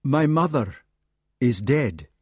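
A man voicing a young knight, numb with grief, speaking in a halting, dazed way. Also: mid-range voice, animated, husky, no echo, clean studio sound, pitched above the performer's own voice. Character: young grieving male knight, stunned and numb.

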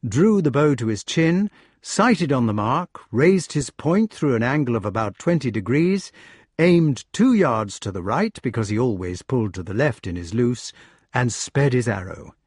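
Expressive, husky-voiced male storyteller. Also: medium pitch, no room sound, studio quality. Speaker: narrator. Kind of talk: audiobook narration.

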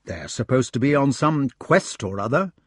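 A calm, blunt knight, as a male narrator plays him, speaks level and matter-of-fact. The voice sits at a middle pitch, husky and dry. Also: moderate pace, dry recording.

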